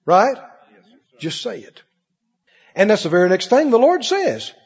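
Preacher with a lively, soaring voice. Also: male voice, a little slow, slightly rough. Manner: preacherly call-and-response, swinging from loud high cries to low murmurs. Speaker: pastor. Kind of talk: sermon. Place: large church hall. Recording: muffled recording with long hall reverb.

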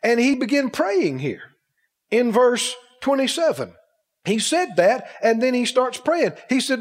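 A man preaches at a moderate pace in a high, lively voice that swoops up and down. He animatedly acts out the people he quotes and poses rhetorical questions, while long hall reverb fills the sermon.

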